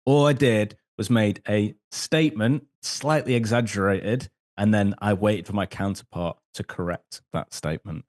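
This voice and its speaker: A man's voice: lowish voice, normal speed, hardly any pauses, a little mellow. A man, a sales consultant guest on a podcast, explaining techniques and acting out little sample conversations. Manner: acts out sample dialogue, frequent um fillers.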